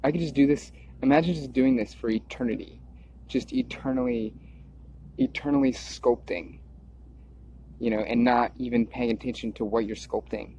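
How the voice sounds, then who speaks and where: A video creator speaks at a moderate pace with a dark tone and medium pitch, slight noise behind him. His talk drifts aimlessly, full of repeated words and thoughts revisited, in a dull lo-fi recording.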